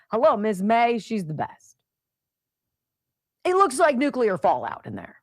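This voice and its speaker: A woman's voice: medium pitch, wildly swooping pitch, measured pace, dry recording. A middle-aged woman hosts a talk radio show, her voice swinging up and down as she rants with sarcastic exasperation. She is close on a studio mic, and the sound is dry. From Pennsylvania, United States.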